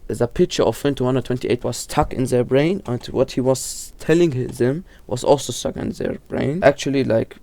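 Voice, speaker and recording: A man's voice: mid-range voice, moderate pace, creaky, hardly any pauses, mellow, dry recording. A man casually explaining horror lore, often stumbling, restarting and correcting himself, with lots of fillers. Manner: informal, filler-heavy delivery.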